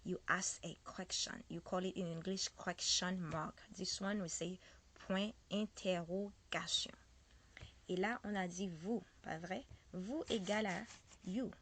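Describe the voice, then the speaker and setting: A woman with a strong French accent giving a casual French lesson, slowly repeating and spelling out words. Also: fairly low pitch, steady tone, fairly bright tone, a little hiss or hum. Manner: slow, repeats and spells out words, code-switching. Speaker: French teacher.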